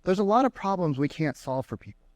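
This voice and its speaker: A man giving an energetic sales seminar to a live room, firing questions at the crowd. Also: high voice, fast, dry recording. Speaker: sales trainer. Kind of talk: live seminar talk to an audience. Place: meeting room with an audience.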